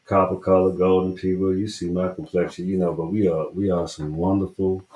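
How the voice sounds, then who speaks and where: A man with a Southern accent, from the southern US, hosts a podcast where he reviews a book casually, rambling, emphatic, and swearing freely. His low voice is level in tone, a little mellow, and brisk, though the recording sounds muffled.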